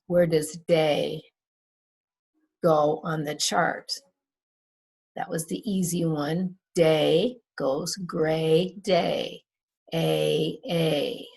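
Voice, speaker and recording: A woman teaching an English class who says example words slowly and twice, drawing out each vowel sound. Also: low-pitched, creaky, husky. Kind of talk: slow, careful classroom review.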